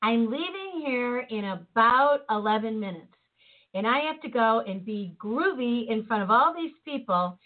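A woman hosting a podcast in casual chat, telling a story in a lively way and acting out the voices of the people in it. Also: a little high. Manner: animated storyteller, acts out quoted voices. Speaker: podcast host. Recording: tinny phone-like line.

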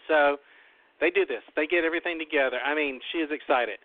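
A man's voice: a little high, fast, dry recording. Rambling male talk host on a tinny line. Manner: rambling, repeats himself often. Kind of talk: casual storytelling on a talk show. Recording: tinny phone-like line, dry.

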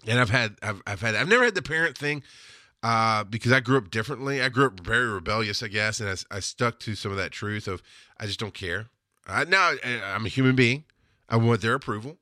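A man's voice: on the low side, lively intonation, brisk, sharp tone, dry recording, studio quality. A man hosting a podcast, talking candidly in a casual monologue, laughing often and swearing freely. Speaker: podcast host.

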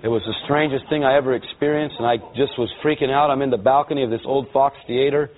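A man from Los Angeles giving a lively personal testimony to a church audience, acting out the voices in his story. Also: medium pitch, quick pace, a little hiss or hum. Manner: lively storyteller who acts out voices and quotes. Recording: tinny, narrow-band sound.

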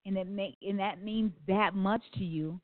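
A woman's voice: mid-range voice, steady tone, normal speed, no room sound. A woman hosting a call-in radio talk show, telling stories in an earnest, rambling way. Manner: earnest storytelling, rambling asides. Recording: phone-like, dry sound.

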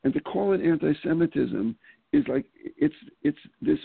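A man's deeply gravelly, husky voice comes through a thin, phone-like line. He talks casually as an interview guest. He tells stories animatedly, stumbles into restarts and laughs often. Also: lively intonation, normal speed, no room sound. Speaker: political candidate guest. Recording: phone-like call audio.

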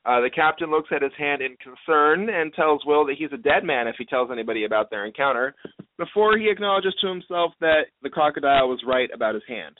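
A man's voice: on the high side, animated, fairly quick. A man co-hosting a podcast, chatty and playful as he recaps a TV episode at length. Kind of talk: casual podcast chat. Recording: tinny phone-like line with faint hiss.

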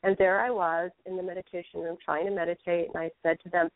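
A woman with a somewhat low voice tells a story earnestly as a guest in a radio conversation. The sound is narrow and phone-like, with no room echo at all. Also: level tone, fast talker. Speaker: spiritual teacher, guest. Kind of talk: casual radio interview talk.

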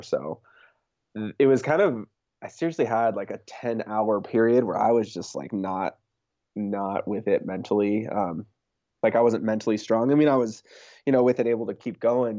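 A man's voice: fairly low pitch, warm tone, dry recording, dull audio. A young man, a race champion, talking casually in an interview and leaning on fillers like "like" and "you know". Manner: laid-back, many fillers like "like" and "you know".

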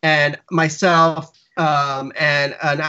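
A man's voice: on the high side, level tone, drawn-out words, sharp tone, clean tone. A man, a writer and actor, telling rambling anecdotes as a podcast guest with lots of restarts, on dull lo-fi audio. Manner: rambling storyteller, many restarts and fillers. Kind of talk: casual anecdote in podcast interview.

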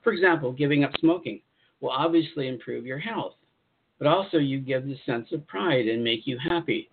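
A man hosting a spiritual advice show, speaking in an encouraging, repetitive way and pausing to comment as he reads articles aloud. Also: mid-range voice, slight background noise. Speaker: host channeling spirit guides. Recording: tinny phone-like audio.

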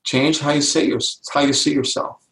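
An older man appearing as a guest author explains his ideas in an interview, emphatically acting out the voices of people in his stories. His voice is on the high side and creaky, his pace moderate, and the room is echoey.

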